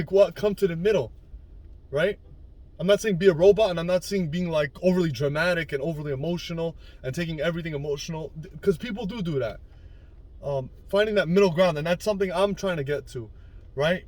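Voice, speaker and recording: A man's voice: high voice, no room sound. A young man talking casually in a self-help vlog, rambling with many fillers and asides. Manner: rambling, conversational, frequent "right?" and "like" fillers. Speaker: vlogger.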